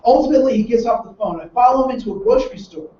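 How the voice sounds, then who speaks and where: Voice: medium pitch, very fast, slight background noise. A trainer in front of a live group, telling a story and voicing the people in it, often restarting mid-phrase. The sound is caught from far across a roomy, echoing space. The recording is muffled and lo-fi, with faint ambience underneath. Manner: animated storyteller who acts out the people in the story; many restarts and repeated words. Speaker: diversity workshop trainer. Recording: roomy echo from far off, dull and lo-fi.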